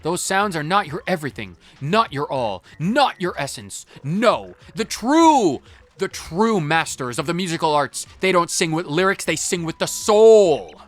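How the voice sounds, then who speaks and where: A gamer putting on a lofty little music sprite who speaks in slow, declamatory poetry. The voice sits higher and louder than usual, with faint game music behind. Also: big pitch swings. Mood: grandiose. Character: grandiose musical pixel creature, poetic and lofty. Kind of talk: reading game dialogue in voices.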